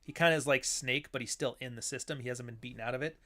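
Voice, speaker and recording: With a sharp tone, a mid-range voice and a quick pace, a man who writes books chats casually about old films as host. Rambling and freely profane, he acts out the lines he quotes.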